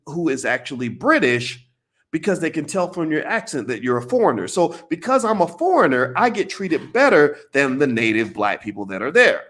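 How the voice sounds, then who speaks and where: Animated American man, lively pitch. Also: normal speed. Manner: animated, rhetorical questions, emphatic repetition. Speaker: commentator. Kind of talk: casual video commentary.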